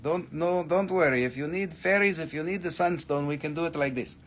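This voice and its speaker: Brief: man on a live-stream sale, slightly raised pitch, loose and profane, answers viewers as he goes. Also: brisk, fairly bright tone. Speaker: crystal seller hosting a live sale. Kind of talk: casual live-stream sales chat.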